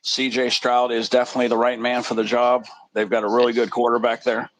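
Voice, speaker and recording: A man's voice: mid-range voice, monotone, brisk, poor audio. A man co-commenting a football game in casual chat, telling stories in a rambling, laid-back way.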